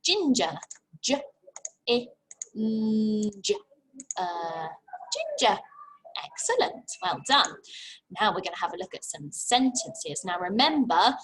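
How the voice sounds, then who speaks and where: A young English woman teaching a phonics lesson to young children, sounding out letters slowly and praising them warmly. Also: mid-range voice, animated, slight background noise, poor audio. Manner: slow, exaggerated sounding out of letters; encouraging and praising. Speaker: infant school teacher.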